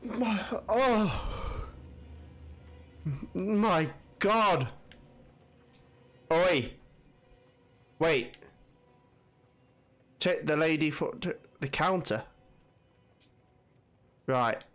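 Excitable gamer with a lively voice. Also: male voice, fairly high pitch, drawn-out words, pauses often. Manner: excitable, jumpy, swearing. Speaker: gaming channel host. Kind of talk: let's-play commentary.

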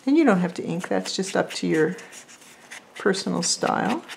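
A woman's voice: lowish voice, animated, moderate pace, creaky, a little hiss or hum. A woman vlogging as she makes paper crafts, chatty and thinking aloud as she works. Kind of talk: casual crafting chat.

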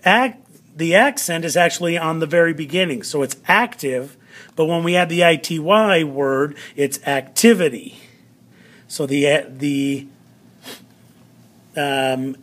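A male teacher giving a vocabulary lesson to students, drawing out words slowly and checking in often. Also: a little high, fairly bright tone. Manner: slow, drawn-out word pronunciation with frequent "all right" check-ins.

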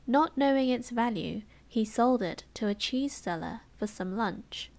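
A British English woman narrates a storybook in gentle ASMR style. Her voice sits a little high and her pace is slow and measured. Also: animated, gravelly. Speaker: storybook reader. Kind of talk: soft ASMR storybook reading.

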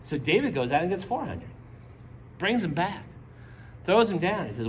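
A man's voice: fairly high pitch, sing-song, moderate pace, long pauses, a little hiss or hum. A pastor teaching a casual Bible study, joking with his listeners and acting out the characters' lines. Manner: playful, jokes with the audience and acts out characters' lines.

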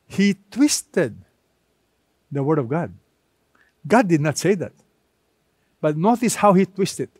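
A man's voice: a little high, expressive, a little mellow, no echo, clean studio sound. Emphatic man preaching a sermon. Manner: emphatic, repetitive preaching with dramatic pauses. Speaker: pastor.

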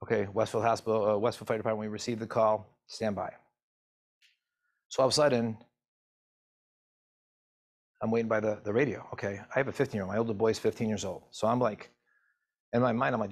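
A middle-aged man with a low, husky voice tells a story from his work. His telling is halting and emotional, and he speaks as a physician assistant who teaches other clinicians. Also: fairly even intonation. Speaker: physician assistant and medical educator. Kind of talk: personal story told to camera.

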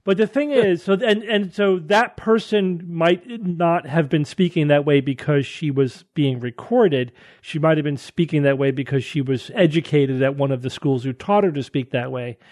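A man's voice: fairly high pitch, normal speed, hardly any pauses, darkish tone, dry recording. A man hosting a podcast who explains things at length and thinks aloud, then introduces and questions a guest. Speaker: podcast host. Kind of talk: casual panel chat and interview.

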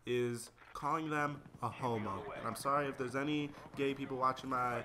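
A man's voice: medium pitch, fairly even intonation, normal speed, background noise. A young man rambling through casual gameplay commentary and stories, slangy and easily sidetracked. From United States. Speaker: gaming video creator.

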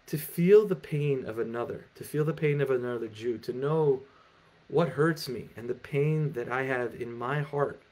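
Gravelly-voiced man teaching Torah. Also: on the high side. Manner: animated, emphatic storytelling. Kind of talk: lecture at an online festival.

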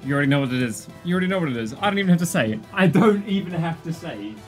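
Excitable young man opening game packs. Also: on the high side, racing, soft background music. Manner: excitable, loud outbursts and groans, addresses viewers as lads. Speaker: gaming YouTuber. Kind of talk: pack opening commentary.

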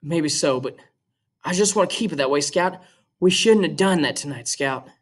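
A stubborn teenage boy, quiet and determined, as a man reading aloud voices him. He talks in short, firm phrases. The voice sits a little high. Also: lively intonation, moderate pace. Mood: patient.

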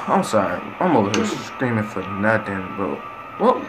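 A young man hosting a casual horror reaction video, excitable and talking straight to viewers. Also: fairly low pitch, moderate pace, music in the background, poor audio. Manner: excitable, talks to viewers, yelps at jump scares.

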